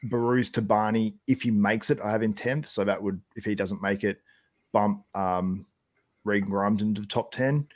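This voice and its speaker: A man's voice: lowish voice, steady tone, normal speed. A young Australian man hosting a casual podcast chat, rambling with lots of fillers and laughs. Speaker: podcast host.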